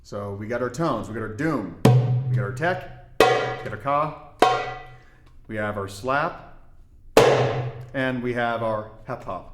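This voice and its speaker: A man from Indiana explaining hand-drum technique in a relaxed, step-by-step way with folksy asides. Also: mid-range voice, slow pace, long pauses, reverberant, over loud music. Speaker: darbuka teacher. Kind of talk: instructional demonstration.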